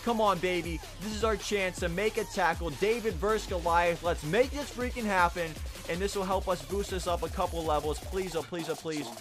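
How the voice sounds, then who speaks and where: A man commentating his own football video game at home, pleading quietly one moment and yelling in fury the next. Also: high voice, fairly quick, hardly any pauses, music in the background. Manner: swings from pleading murmurs to furious yelling. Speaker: gaming YouTuber. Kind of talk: raging gameplay commentary. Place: home room. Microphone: desk microphone.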